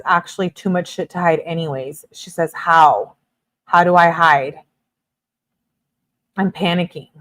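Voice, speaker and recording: A young adult woman reading text messages aloud to her viewers, breaking off for animated asides and laughs. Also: sits low. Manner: expressive, reacts with laughs and asides. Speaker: true crime streamer.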